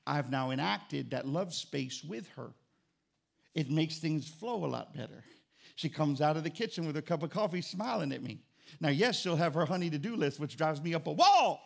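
A middle-aged man preaching a sermon as pastor, conversational and joking, with an animated delivery. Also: fairly high pitch, moderate pace, gravelly.

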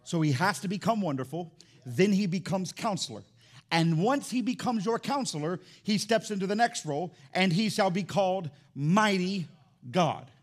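A man's voice: high-pitched, animated, normal speed. A middle-aged man preaching a sermon in church as pastor, emphatic and repeating his key phrases.

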